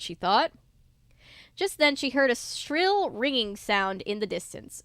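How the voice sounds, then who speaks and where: A woman's voice: a little high, a little slow, dry recording, clean studio sound. A woman reading a manga adaptation aloud in a casual, playful way, adding her own asides and laughing between passages. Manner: playful, laughs between lines, animated quoted voices.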